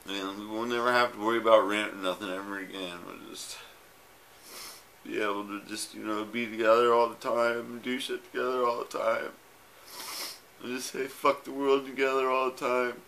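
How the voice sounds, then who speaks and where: Speaking at a moderate pace with a medium, slightly bright pitch and flat delivery, a man films a personal farewell message for his wife. He's tearful, rambling and tender, with fillers and curses, and a little background noise sits behind him on the self-recorded camera.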